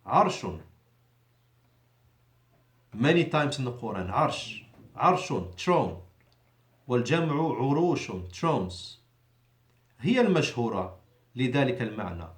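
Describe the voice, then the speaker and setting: Brief: male teacher, mid-pitched voice, deliberate classroom delivery, roomy echo. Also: very animated. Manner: deliberate, drawn-out emphasis on key words; switches between Arabic and English, self-correcting. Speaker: Arabic teacher. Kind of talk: classroom lesson. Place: mosque classroom. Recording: echoey room.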